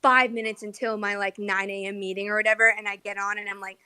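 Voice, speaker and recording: A woman's voice: mid-range voice, level tone, fast, sharp tone, clean tone, no room sound. Woman, young adult, host, casual chat, chatty, fillers. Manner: chatty, self-deprecating, lots of fillers.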